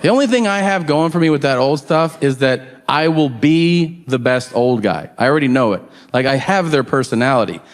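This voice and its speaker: Animated, profane male stand-up comedian. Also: mid-range voice, brisk, hardly any pauses. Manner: profane, animated storytelling with acted-out quotes.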